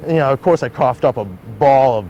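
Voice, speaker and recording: A man's voice: mid-range voice, a little fast, lo-fi sound, crowd noise. Young man telling his story, "like" everywhere. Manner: heavy use of "like", acts out quoted voices. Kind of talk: personal storytelling in an interview. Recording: interview clip with music underneath.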